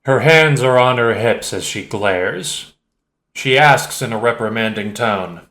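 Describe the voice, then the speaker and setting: A man reading an audiobook in a steady, measured narration. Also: medium pitch, echoey room. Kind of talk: scripted narration.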